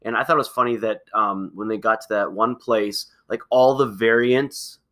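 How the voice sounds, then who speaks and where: A man's voice: fairly low pitch, moderate pace, a bit bright. A man co-hosting a casual family podcast with his child, talking loosely with many fillers and restarts. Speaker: podcast co-host and parent.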